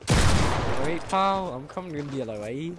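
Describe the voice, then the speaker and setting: A man's voice: fairly high pitch, lively intonation, unhurried, very noisy. A young man with a Scottish accent streaming a game, swearing and teasing his opponent in casual banter. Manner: sweary, teasing trash talk.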